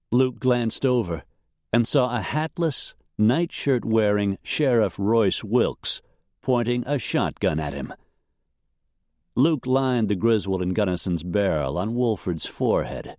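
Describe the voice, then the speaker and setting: A man narrating a western novel in a slow, steady, dramatic reading. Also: fairly low pitch, no echo. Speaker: audiobook narrator. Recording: dry close recording.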